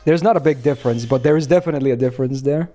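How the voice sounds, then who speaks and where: A man's voice: medium pitch, rapid-fire, warm tone, faint music behind. A young man from Finland chatting casually on a game stream, rambling and laughing as he answers chat.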